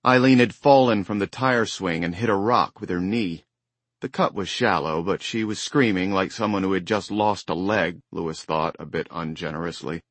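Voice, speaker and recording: Male audiobook narrator, measured delivery, low voice, dry close recording. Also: no echo. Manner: measured, even storytelling. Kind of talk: scripted narration. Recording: dry close studio sound.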